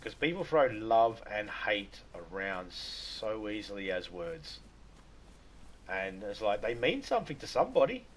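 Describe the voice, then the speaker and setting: A man's voice: fairly low pitch, very animated, measured pace, a little hiss or hum. An Australian man from Western Australia chatting casually on a live stream, rambling, joking and laughing often.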